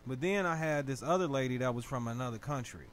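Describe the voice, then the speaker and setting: A man's voice: mid-range voice, fast, slight background noise. A man with an African American vernacular accent, co-hosting a podcast and arguing his point in casual debate. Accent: African American Vernacular English. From United States. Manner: animated, keeps cutting in to make his point. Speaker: podcast co-host.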